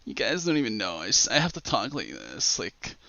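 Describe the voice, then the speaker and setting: A man's voice: lowish voice, wildly swooping pitch, a little fast, gravelly, sharp tone, dry recording, lo-fi sound, voice pushed down, exaggerated voice. A man putting on the voice of a mopey, broke young man who sounds strained, as if constipated, mumbling in self-pity.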